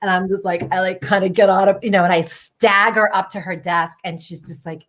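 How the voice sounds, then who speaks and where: A middle-aged woman telling a personal story in an animated way, full of "like" and "you know" fillers. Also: lowish voice, brisk, hardly any pauses. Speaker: storytelling show host.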